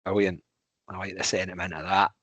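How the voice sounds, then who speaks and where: A man's voice: low-pitched, level tone, fairly quick, fairly bright tone, dry recording. A man with a Scottish accent co-hosting a podcast, chatty and teasing in casual talk. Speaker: podcast co-host.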